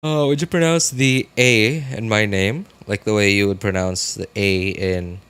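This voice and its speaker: A man's voice: lowish voice, unhurried, fairly bright tone, smooth. A young man chatting casually with viewers while streaming a game, rambling with lots of fillers. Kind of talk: casual live-stream chat.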